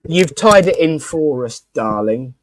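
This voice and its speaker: A man's voice: a little high, expressive, a little slow, no room sound. A man hosting a casual live-stream chat, rambling and talkative with lots of fillers and restarts. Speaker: host.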